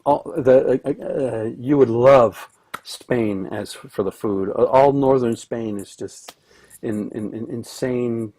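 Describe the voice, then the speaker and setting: A man's voice: mid-range voice, takes it slowly, dark tone. A middle-aged man from Canada talks casually as a guest on a video call. He rambles and restarts his sentences often, with plenty of fillers. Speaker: guest, orchestral cellist.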